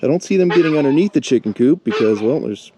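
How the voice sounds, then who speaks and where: A man's voice: fairly high pitch, lively intonation, quick pace, crowd noise. A man vlogging on his farm, chatting casually and talking playfully to his animals. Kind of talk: casual vlog chat. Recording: loud background noise with farm animals.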